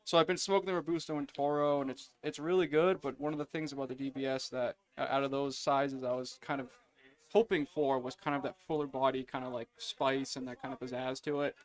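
A man's voice: mid-range voice, little pitch movement, fairly quick. Chatty man full of "like" fillers. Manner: filler-heavy, enthusiastic tasting notes. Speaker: podcast co-host reviewing cigars. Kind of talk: casual chat.

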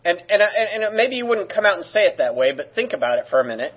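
This pastor talks at a quick pace in a slightly high, husky voice, keeping his sermon laid-back and conversational with jokes thrown in. The sound quality is fairly dull and lo-fi.

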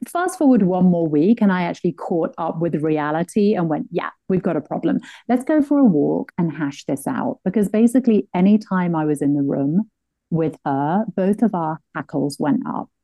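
A middle-aged woman hosting an interview, an animated storyteller who laughs often and acts out the people she quotes. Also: lowish voice, normal speed, no echo, low-quality recording. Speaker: podcast host. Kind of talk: conversational interview.

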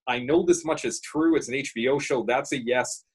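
A man running through TV picks in casual chat, animated and playfully dramatic. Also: medium pitch, brisk, breathy edge. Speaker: show panelist reviewing TV.

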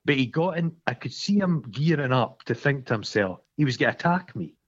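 A Scottish man co-hosting a podcast, telling stories in a sweary, animated way and acting out the quarrels in them. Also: mid-range voice, a little fast, slightly rough, highs cut off. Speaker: podcast co-host. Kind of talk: casual chat.

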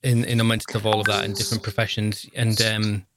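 A man's voice: fairly low pitch, level tone, a little fast, fairly bright tone. A man in his fifties co-hosting a podcast, chatting casually in a jokey, rambling, self-deprecating way. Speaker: podcast co-host, social worker. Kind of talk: casual chat.

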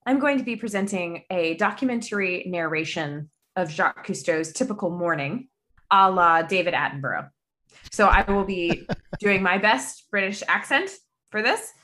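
A woman's voice: on the low side, animated, normal speed, sharp tone. A woman in playful, chatty banter on a comedy podcast.

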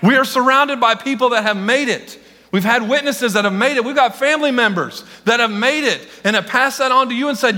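An excitable male pastor with a high, bright voice delivers a sermon to his congregation. He calls on people in the pews and keeps getting carried away. The sound rings with the long reverb of a church hall. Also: a little fast. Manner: excitable, talks directly to the congregation. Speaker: senior pastor. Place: church sanctuary.

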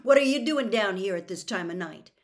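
A woman reading an angry teenage boy wizard from a storybook, snarling and shouting his lines. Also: medium pitch, takes it slowly, lightly acted. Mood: hissed anger.

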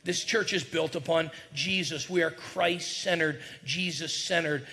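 Man, pastor, sermon, call-and-response, energetic, slightly high-pitched. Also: moderate pace, few pauses. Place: church sanctuary.

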